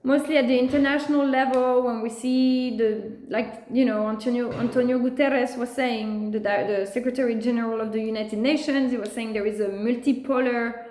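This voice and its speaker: A woman with a fairly high voice talks passionately and casually to her camera, stopping often to act out what others say. Her voice rings in an echoey room. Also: fairly even intonation, moderate pace, hardly any pauses, a little mellow. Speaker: video creator.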